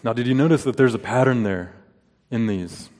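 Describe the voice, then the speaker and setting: A man's voice: mid-range voice, normal speed, darkish tone. A man in his thirties preaching a sermon in an earnest way, asking rhetorical questions and telling personal stories. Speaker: pastor. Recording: long reverb of a large hall.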